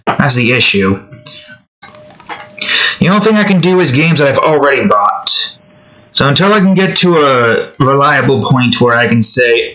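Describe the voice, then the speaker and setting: Young guy rambling while he draws, bright voice, jokey, keeps cutting himself off. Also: medium pitch, expressive, normal speed, poor audio. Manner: rambling, joking, self-interrupting, sings snatches off-key. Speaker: art streamer. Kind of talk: casual chat while drawing.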